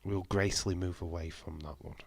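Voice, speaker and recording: A man's voice: deep voice, fairly even intonation, quick pace, creaky, no room sound. A man hosting a live watch-along stream, chatting casually and joking as he reads out and answers comments from his viewers. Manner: joking banter reading out chat.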